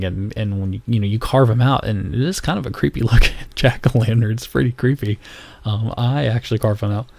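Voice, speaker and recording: Fairly low, creaky, and a little mellow, this North Carolina man's voice carries a casual podcast monologue he hosts, rambling through stories full of fillers. There's no room sound.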